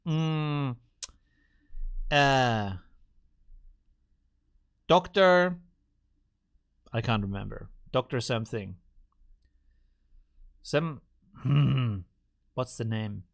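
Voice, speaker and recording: A man's voice: medium pitch, very slow, creaky, pauses often. A man hosting a casual live stream, musing aloud and rambling as he reacts to memes. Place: home studio in Vienna.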